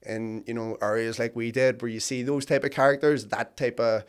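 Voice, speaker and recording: A male podcast host in loose casual chat, spinning an animated story and breaking into laughter as he goes. His voice sits at a medium pitch, and he swears freely. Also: moderate pace, clear, resonant tone.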